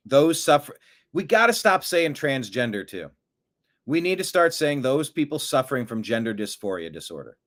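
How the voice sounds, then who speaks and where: A middle-aged man hosting an online political commentary show, blunt and sarcastic with rambling asides. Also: fairly high pitch.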